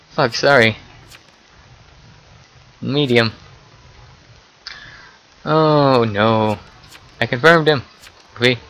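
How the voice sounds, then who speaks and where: Slow-talking young man reacting to a game. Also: medium pitch, rough recording. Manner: excitable, swearing, exclaiming at the game. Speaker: gameplay commentator. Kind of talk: casual gameplay commentary.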